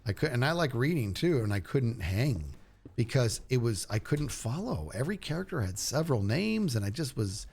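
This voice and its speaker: A middle-aged man with a husky, creaky, darkish medium-pitched voice talks a little fast with few pauses, his pitch swinging a lot. On a casual livestream, he rambles eagerly about his favorite shows and repeatedly cuts himself off.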